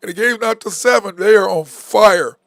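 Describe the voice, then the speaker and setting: A man's voice: sits high, moderate pace, creaky, dry recording, studio quality. A man hosting a sports talk show, talking bluntly and with animation in casual sports chat. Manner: blunt, animated, says "okay?" and "bro" a lot.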